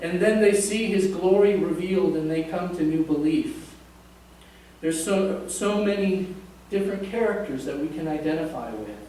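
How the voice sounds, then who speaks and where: Guy preaching a sermon, pretty high voice, chatty, big echoey church mic far off. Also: moderate pace, warm tone, a little hiss or hum. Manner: conversational, jokes with the congregation. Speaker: pastor. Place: church sanctuary.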